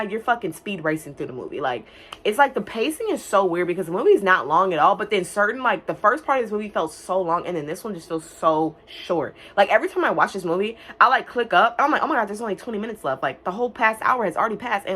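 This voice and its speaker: A woman's voice: fairly low pitch, fairly bright tone. Chatty young woman reviewing a movie. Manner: chatty, profane, many "like" fillers; quick bursts of mock-singing and silly character voices. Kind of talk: casual film recap vlog.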